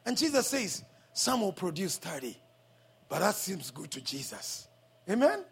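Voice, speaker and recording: A man preaching a sermon in church, his voice pitched high and husky. He holds a handheld mic and moves between loud exhortation and soft asides, keeping the congregation answering with amens. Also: very animated, measured pace. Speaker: pastor. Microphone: handheld microphone.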